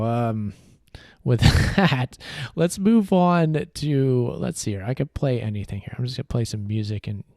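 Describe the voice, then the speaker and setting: A man hosting a podcast livestream in a relaxed, rambling way with many fillers. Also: on the low side, vocal fry, dry recording, studio quality. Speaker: podcast host. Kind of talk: casual livestream chat.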